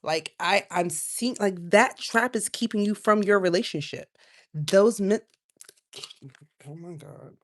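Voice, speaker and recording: A woman giving a casual live tarot reading, chatty and loose, drifting from quiet asides to loud outbursts. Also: mid-range voice, a little slow. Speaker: tarot reader.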